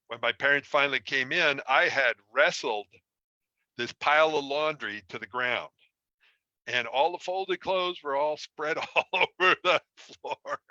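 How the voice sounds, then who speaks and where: Man, relationship coach, very bright voice, conversational lecture, dry slightly muffled sound. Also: medium pitch, no echo. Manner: conversational, self-deprecating storytelling. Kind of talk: online course lecture. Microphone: streaming from a computer.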